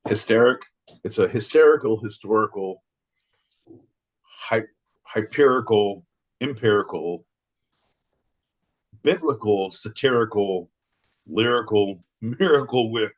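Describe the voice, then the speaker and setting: Husky, low-voiced joking podcast man. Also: takes it slowly, pauses often. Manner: playful, riffs on wordplay, swears. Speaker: podcast co-host. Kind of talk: casual joking chat.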